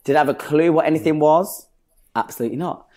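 A young man, a guest telling stories in a casual interview, animated and quick to act out what people said. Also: fairly high pitch. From northern England. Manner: animated, acts out quoted voices, laughs often. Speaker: guest, stage performer.

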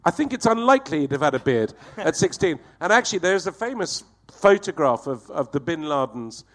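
As a talk show guest, a man tells a profane, animated comic anecdote, acting out the voices of its characters. He speaks briskly, with a fairly high pitch.

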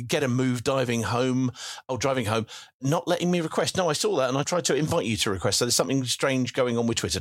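A man's voice: on the low side, fairly bright tone, dry recording. A man hosting a casual live audio chat, jovial and reading out listener messages. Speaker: podcast host.

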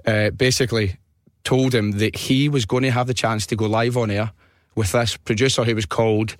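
Sex: man. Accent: Scottish. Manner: lively, cheeky storyteller. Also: fairly low pitch, normal speed, no room sound, studio quality. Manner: lively anecdote-telling, swears freely, laughs along. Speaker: podcast host. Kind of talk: casual storytelling chat.

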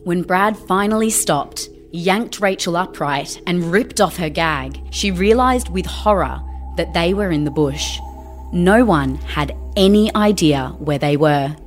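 A woman's voice: fairly low pitch, lively intonation, a little slow, faint music behind. A woman reading scripted narration for a news story. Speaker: reporter narrator.

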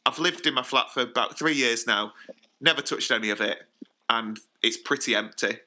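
Male podcast co-host, very bright tone, casual wry storyteller. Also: mid-range voice, normal speed. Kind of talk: casual chat.

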